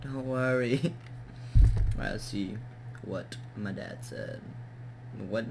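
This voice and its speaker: A man's voice: on the low side, takes it slowly, vocal fry. A young man hosting his own game channel, chatting casually as he builds, easily distracted, laughing at his own mistakes and counting blocks aloud. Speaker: gaming channel host. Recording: loud background noise and keyboard clicks.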